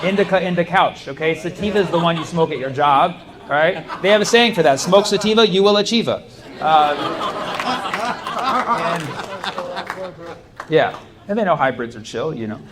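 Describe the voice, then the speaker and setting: A man's voice: on the high side, moderate pace, pauses often, a crowd in the background. A young man doing a stand-up comedy set on a club stage, chatty and loose, laughing through his punchlines. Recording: live club recording with audience noise.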